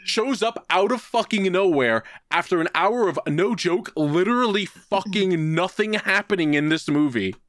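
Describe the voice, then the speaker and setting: A man's voice: high voice, normal speed, few pauses, a bit bright, dry recording. A man co-hosting a casual podcast, swearing often as he rants through a movie recap. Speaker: podcast co-host.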